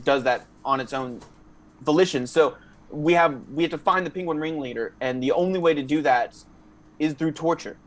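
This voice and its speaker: A man improvising as a male zookeeper who calmly admits torturing penguins, with a put-on accent slipping from Russian into German. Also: on the high side, moderate pace, lightly acted. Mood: deadpan. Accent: put-on Russian sliding into German. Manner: matter-of-fact, hesitant menace. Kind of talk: improv comedy scene.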